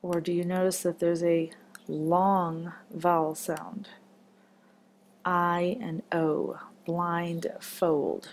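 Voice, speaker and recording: A woman's voice: lowish voice, level tone, very slow, a little hiss or hum. A woman teaching a children's phonics lesson, patient and encouraging as she marks words step by step.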